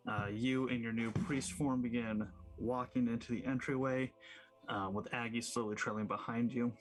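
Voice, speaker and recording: A man narrating as game master, relaxed and loose. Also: medium pitch, moderate pace, soft background music.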